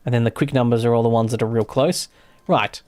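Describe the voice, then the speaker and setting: A man's voice: mid-range voice, steady tone, fast talker, a little mellow. Australian man streaming a game. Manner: rambling, self-correcting, swears casually. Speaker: gaming streamer. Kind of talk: casual live gameplay commentary.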